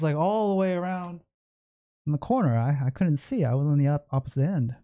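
A man's voice: sits high, mellow. A man telling a personal story to the camera with emphatic repetition. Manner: emphatic, repeats himself. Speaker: vlogger. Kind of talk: storytelling vlog.

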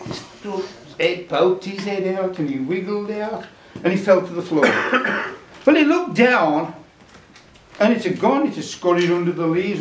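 Lively storyteller in a club. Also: male voice, sits high, far from the mic, slight background noise. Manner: chatty, dialect-laced, addresses audience. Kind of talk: live comic folk tale telling. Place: folk club room. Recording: roomy club sound from afar.

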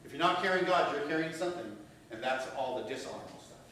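A male pastor preaching a sermon, rising to loud emphasis and dropping to hushed tones, often asking "right?". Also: a little high, lively intonation, fast, distant mic. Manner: asks the congregation "right?" often. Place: church hall. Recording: very echoey room, voice from off-mic, faint hum.

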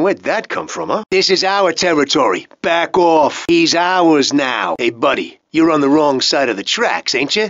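A man's voice: medium pitch, fairly bright tone, no echo. An actor playing a brutal, foul-mouthed male gang thug in a video game, swaggering and taunting with lots of profanity. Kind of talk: video game character dialogue. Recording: dry, slightly dull studio sound.

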